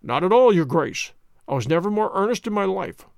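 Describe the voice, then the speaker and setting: Cool, unbending detective, done by a man, measured, bright and lively. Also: high voice, vocal fry, dry recording, clean studio sound, heavily acted. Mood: triumphant. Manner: cold, measured and deliberate. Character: cool, inexorable male detective, middle-aged.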